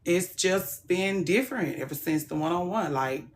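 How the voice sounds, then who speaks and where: Woman, livestream host, casual chat, frank, soft to loud swings, lowish voice. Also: normal speed, slight background noise.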